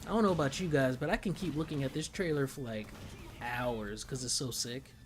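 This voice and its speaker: A man casually reacting to a game trailer, slangy and excitable, often breaking into laughter. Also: mid-range voice, fairly quick, soft background music. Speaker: gaming streamer reacting to a trailer.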